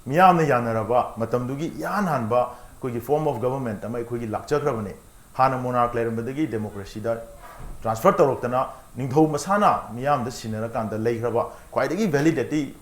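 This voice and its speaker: A man speaking as a guest on a TV panel discussion, explaining earnestly with many pauses. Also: medium pitch, echoey room. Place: TV studio.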